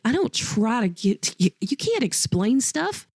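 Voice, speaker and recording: A woman's voice: a little high, very animated, unhurried, darkish tone, slightly rough, no room sound, clean studio sound. A woman teacher and podcast host telling personal stories in a heartfelt, rambling way, often correcting herself mid-sentence. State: choked up. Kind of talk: personal storytelling.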